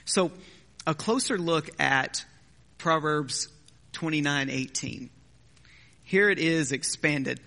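A man's voice: a little high, slow, gravelly, pauses often, bright, forceful tone. A man preaching a sermon as pastor, in a conversational way with joking asides. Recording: long hall reverb.

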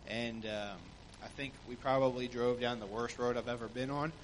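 Male pastor, mid-pitched, relaxed report, hesitant pauses, faint room noise. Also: long reverb tail. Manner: relaxed, hesitant with many fillers. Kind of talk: church mission report.

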